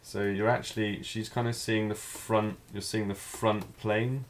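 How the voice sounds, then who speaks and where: A man teaching a live figure drawing class, talking through each stroke as he draws, in a relaxed, thinking-aloud way. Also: on the low side, measured pace, slight background noise.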